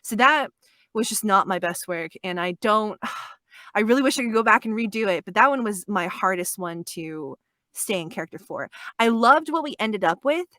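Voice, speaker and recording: A woman in her twenties, a guest voice actress, talking in a quick, animated way in a casual podcast interview and laughing often. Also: mid-range voice, no echo, clean studio sound. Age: 20s.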